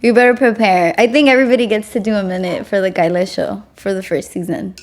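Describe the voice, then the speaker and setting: A woman's voice: mid-range voice, steady tone, a little fast. A woman hosting a podcast, chatting casually in an upbeat, appreciative way. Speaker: podcast host. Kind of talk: casual chat.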